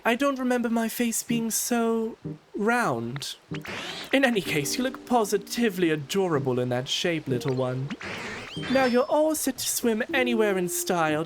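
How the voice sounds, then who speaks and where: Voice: medium pitch, measured pace, background noise, voice pushed up, close to an everyday voice. A streamer voicing a gracious, motherly female sea creature from a game with a posh English accent, over game music. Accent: posh English (put on). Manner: elegant, warm, flattering. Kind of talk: reading game dialogue aloud in character. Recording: game music playing behind.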